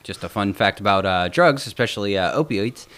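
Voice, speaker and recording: A man's voice: on the low side, expressive, brisk, a bit bright. A young man co-hosting a podcast in loose, casual chat, rambling, joking and slipping into mock voices. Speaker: podcast co-host.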